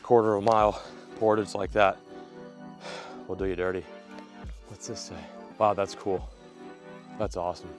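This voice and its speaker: A man narrating a fishing vlog to camera outdoors by a remote lake, energetic and jokey. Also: sits low. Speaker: fishing vlogger.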